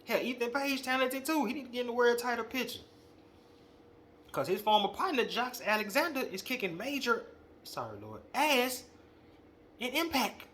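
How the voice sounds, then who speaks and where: Young male host, casual slangy rant, lively delivery, bright tone, faintly noisy recording. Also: very high-pitched, normal speed. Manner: animated, slangy, calls out directly. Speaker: wrestling podcast host. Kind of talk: casual opinion monologue.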